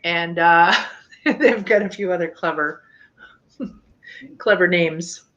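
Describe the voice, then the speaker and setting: A woman hosting a casual chat show, chatty and quick to laugh. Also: on the low side, fairly bright tone. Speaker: podcast host. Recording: dull lo-fi sound.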